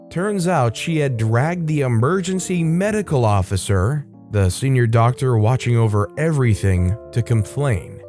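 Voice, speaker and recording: Male storyteller, steady reading, mid pitch. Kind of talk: scripted narration.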